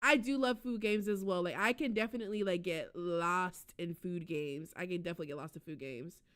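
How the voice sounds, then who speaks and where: A woman streamer reacting live to a game showcase, excitable, with loud exclamations and frequent laughter. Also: fairly low pitch, fairly quick. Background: showcase music.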